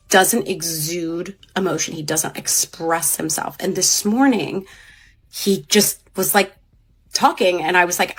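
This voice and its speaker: A woman in her thirties, a mother, talking in a rambling, halting, emotional way about her separation in a personal vlog. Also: mid-range voice.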